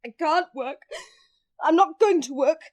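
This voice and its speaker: A despairing young woman in her twenties from a vintage radio play, tearful and on the edge of sobbing. Her voice sits very high, and her words keep catching in her throat. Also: expressive, measured pace, darkish tone. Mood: bitter. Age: 20s. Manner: tearful, breaking into sobs.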